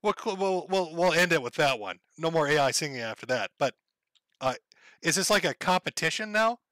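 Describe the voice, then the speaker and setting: A man's voice: on the high side, expressive, brisk, pushed and bright, no room sound. A man with a Minnesota accent hosting a livestream, rambling casually with profanity and laughing asides. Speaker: livestream host.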